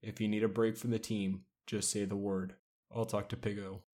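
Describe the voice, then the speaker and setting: A man voicing a calm, supportive young male team leader who speaks gently and reassuringly. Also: fairly low pitch, normal speed, close to an everyday voice. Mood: gentle.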